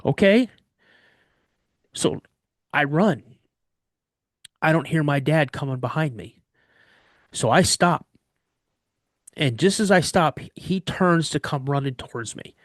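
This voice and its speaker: A man retelling a tense childhood memory in a lively, conversational way, tripping over and restarting his words as he goes. His voice sits a little high for a man. The sound is close and dry, with no room around it. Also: unhurried, pauses often, no room sound. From Washington state. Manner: animated, vivid retelling with frequent restarts. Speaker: guest telling an encounter story. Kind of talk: casual first-person storytelling.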